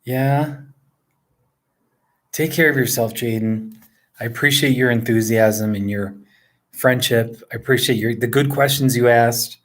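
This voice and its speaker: A man in his forties from northern New Jersey chats casually with viewers from inside his home, rambling and chuckling often as he answers their questions. His medium-pitched voice is unhurried, with long pauses.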